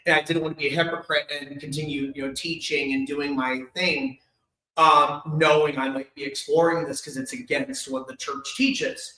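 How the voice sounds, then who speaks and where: A man with a bright, ringing, fairly high voice tells his own story to an audience. He talks openly and emotionally, with quick bursts of humor. The sound carries the echo of a large event hall. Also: level tone. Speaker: speaker sharing his life story. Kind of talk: candid personal storytelling to an audience. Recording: echoey hall.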